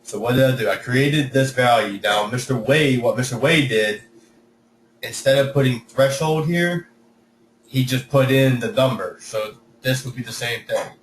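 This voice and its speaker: A man walks students through their code in a live online lesson, thinking aloud and restarting his sentences as he goes. His voice sits at a middling pitch and sounds distant from the mic, in an echoey room with a faint hiss behind it. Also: normal speed. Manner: talks through code step by step, self-correcting. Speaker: coding instructor. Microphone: computer mic, sound reported as poor by students.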